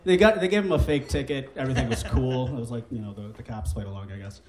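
A man's voice: medium pitch, quick pace. A man bantering on stage at a live comedy show, laughing as he answers a question and hands the mic back. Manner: animated, laughing. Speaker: previous performer handing over to the host. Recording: loud live audience and room noise.

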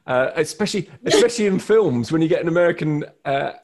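A British man hosts a radio interview in an easy, conversational way. His voice has a faint husky edge. He is chatty and self-deprecating and laughs readily with his guests. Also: on the high side, animated, fast talker, a little mellow. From United Kingdom. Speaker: radio host. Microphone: studio microphone, guests on a video call.

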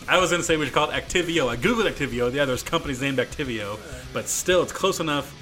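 A man's voice: fairly high pitch, lively intonation, quick pace, a bit bright, soft background music. A man in his thirties, co-hosting a podcast and rambling through stories with frequent laughter. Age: 30s. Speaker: podcast co-host. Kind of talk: casual podcast banter.

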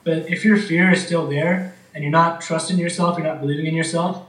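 A man in relaxed conversation, talking in a laid-back way, often calling his friend "man" and telling stories with energy. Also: fairly high pitch, fairly quick, distant mic. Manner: laid-back, says "man" a lot, animated storytelling. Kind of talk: casual chat. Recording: roomy, off-mic.

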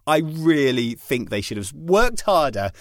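British male co-host, 30s, wry, lively delivery, dry mic. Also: on the high side, measured pace, no echo. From United Kingdom. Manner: wry, mock-indignant storyteller. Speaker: podcast co-host. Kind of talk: casual chat.

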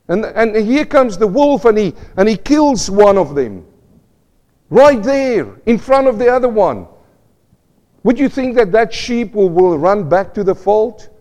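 A man's voice: very high-pitched, mellow. A male pastor preaching a sermon, asking the congregation questions throughout. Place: church. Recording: long reverb of a church hall.

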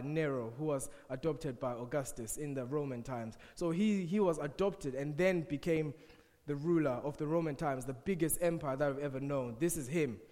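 A man's voice: a little high, a little mellow. A young man with an African accent giving a playful church talk to a youth audience, teasing the crowd between points. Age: young adult. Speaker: youth speaker. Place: church hall. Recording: long hall reverb.

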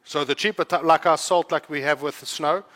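A man's voice: fairly high pitch, steady tone, moderate pace, bright, forceful tone. A man from Africa, preaching a sermon in a fervent, conversational storytelling way. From South Africa. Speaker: pastor.

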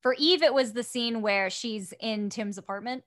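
A woman chatting casually as a podcast guest, telling animated stories and laughing often. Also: on the high side, normal speed. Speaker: guest voice actor.

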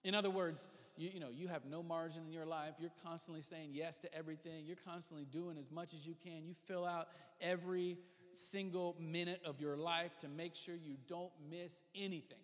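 A man's voice: a little high, steady tone, fairly quick. A man preaching a sermon as pastor, speaking conversationally and repeating phrases for emphasis. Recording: reverberant hall.

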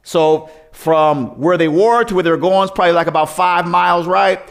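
A man's voice: high-pitched, moderate pace. A man preaching a sermon as pastor, telling the story in a conversational way with rhetorical questions and frequent restarts.

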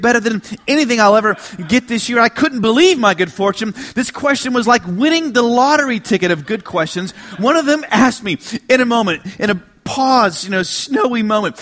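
A male pastor with a high, lively voice that swoops up and down as he preaches. He tells stories with humor, dropping to quiet asides and rising into emphatic lines. He sounds middle-aged. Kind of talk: sermon.

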